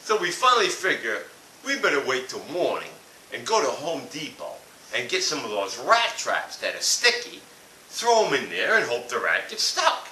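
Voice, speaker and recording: A man's voice: mid-range voice, huge pitch swings, moderate pace, sharp tone. A man telling a blunt, profane comic rant about a family vacation. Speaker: comedic ranter. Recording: echoey room from far off with hiss.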